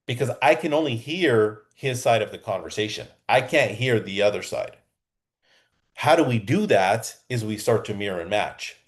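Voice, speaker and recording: A man coaching real estate agents in a lively, conversational way, often checking in with the listener. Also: medium pitch. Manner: energetic and conversational, keeps checking in with "okay?". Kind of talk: coaching lesson. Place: Southern California.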